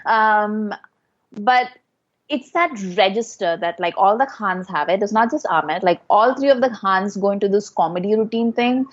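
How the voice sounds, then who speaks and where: A woman's voice: medium pitch, moderate pace. Blunt woman on a dull lo-fi recording. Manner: blunt and opinionated. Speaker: podcast co-host. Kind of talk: casual film discussion.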